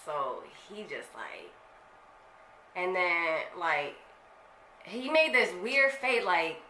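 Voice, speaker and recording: A woman's voice: lowish voice, lively intonation, very slow, bright, forceful tone. A young woman vlogger telling a personal story to her viewers in a candid, slangy way, swearing freely. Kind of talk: casual storytelling to camera. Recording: echoey room with faint noise.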